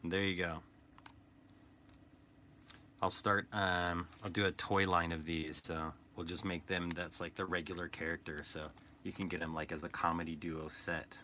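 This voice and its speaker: Man, casual rambling vlog talk, slightly low voice, bright and forceful tone, faint room hum. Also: little pitch movement, moderate pace. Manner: rambling, playful, joking aside. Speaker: toy artist and painter.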